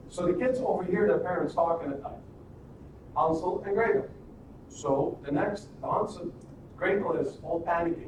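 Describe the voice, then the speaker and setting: High-voiced man talking in an echoey room. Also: moderate pace, muffled recording. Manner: animated, rambling, with frequent restarts and rhetorical questions. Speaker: live stream host. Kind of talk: casual storytelling and motivational talk. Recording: echoey room, distant mic, noisy.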